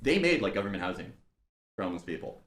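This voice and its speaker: A man joining a casual political chat, talking in an animated, excitable way. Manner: animated, fast, swinging between high and low. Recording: roomy, echoey sound.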